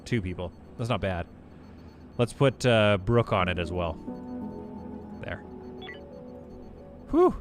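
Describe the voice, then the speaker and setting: A man's voice: lowish voice, takes it slowly, pauses often, music in the background. A man streaming a game live, thinking aloud as he plays, chatting with viewers and laughing easily. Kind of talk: live gameplay commentary.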